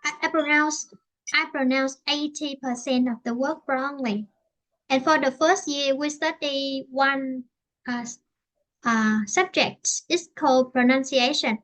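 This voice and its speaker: High, bright Vietnamese woman teaching English. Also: fairly even intonation. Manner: halting, repeats and rephrases often. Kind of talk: online English lesson.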